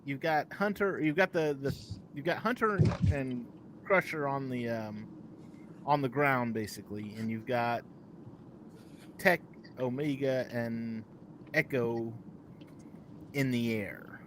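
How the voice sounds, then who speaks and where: A man co-hosting a casual live show, talking in an animated, rambling way and often correcting himself mid-sentence. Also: medium pitch, slow pace, long pauses, a little hiss or hum. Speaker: podcast co-host.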